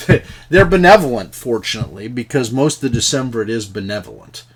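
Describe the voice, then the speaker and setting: A man narrating as game master in a tabletop game, telling the scene in an animated, stumbling way. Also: medium pitch, brisk, breathy edge.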